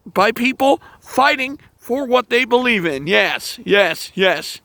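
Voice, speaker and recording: A man hosting his own channel, delivering a heated, emotional monologue to camera, swearing often and pausing to sigh. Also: high voice, expressive, pushed and bright, no echo. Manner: angry, profane ranting with sighs and restarts. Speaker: channel host.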